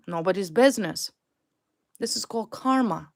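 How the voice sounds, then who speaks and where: A woman's voice: mid-range voice, animated, a little slow. Blunt, emphatic woman reading tarot. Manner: emphatic, blunt and repetitive, with swearing. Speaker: tarot reader.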